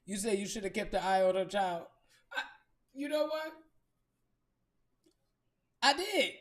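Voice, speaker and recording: A woman's voice: medium pitch, expressive, unhurried. A woman telling a story in a blunt, profane and emphatic monologue as a podcast host. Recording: echoey room.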